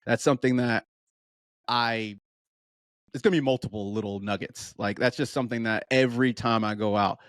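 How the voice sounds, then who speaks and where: A man's voice: mid-range voice, moderate pace, no room sound, studio quality. A man in his thirties, a running coach, chatting casually and acting out what his runners say. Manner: animated storytelling, acts out quoted voices. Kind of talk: casual podcast chat.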